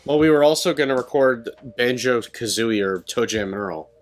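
A man's voice: mid-range voice, moderate pace, soft background music. A man co-hosting a let's play, chatting casually and rambling through stories while he plays. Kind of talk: casual gaming commentary.

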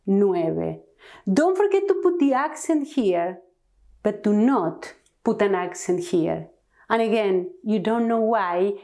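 Woman, Argentine Spanish accent, Spanish teacher, slow careful delivery, lively up-and-down pitch, fairly high voice. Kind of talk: online language lesson.

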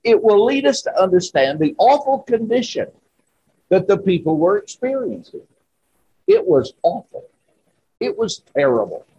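Slow, husky-voiced preacher man. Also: high-pitched, a little mellow, muffled recording. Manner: slow, emphatic preaching with rising exclamations. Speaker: pastor. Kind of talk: sermon. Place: church.

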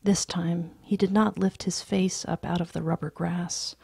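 A woman reading a story aloud in a hushed, breathy, soft-spoken voice. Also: fairly low pitch, little pitch movement, unhurried, few pauses, no room sound, clean studio sound. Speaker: story reader.

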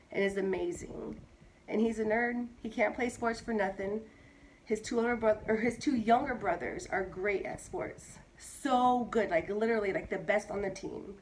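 A woman in her thirties, a mother who sounds hoarse from bronchitis, talking in a chatty, emphatic way and repeating herself in a casual monologue. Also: mid-range voice, slight background noise, rough recording. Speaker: mother vlogging.

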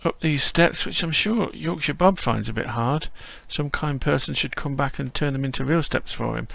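A man's voice: mid-range voice, moderate pace, vocal fry, a bit bright. A man narrating a casual walkthrough as host, chatty and whimsical.

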